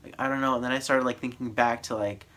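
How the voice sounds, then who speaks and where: A man's voice: mid-range voice, steady tone, fast talker, fairly bright tone. A young man casually telling a travel story on his vlog, rambling with lots of filler words. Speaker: vlogger.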